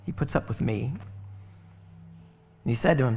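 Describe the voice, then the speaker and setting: A man's voice: mid-range voice, moderate pace, gravelly, darkish tone, slight background noise. A man preaching a sermon in a conversational way, with rhetorical asides to the congregation. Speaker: pastor.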